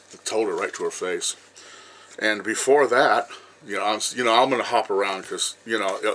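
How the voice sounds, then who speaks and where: A man in his fifties with a low voice and a bright, forceful edge tells a long personal story straight to his viewers. He rambles, jumps around, and leans on "you know" between thoughts. He swears without hesitation and speaks bluntly. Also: rough recording. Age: 50s. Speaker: vlogger.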